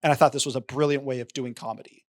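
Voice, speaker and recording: A man's voice: medium pitch, racing. A man co-hosting a podcast, talking casually about a film and acting out lines from its scenes. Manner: animated, retells scenes with quoted lines. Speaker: podcast co-host.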